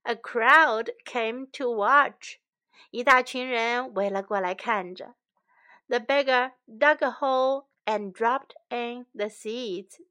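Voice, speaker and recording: Slow, bright woman reading a bilingual children's story. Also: on the high side. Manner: clear, gentle, line by line.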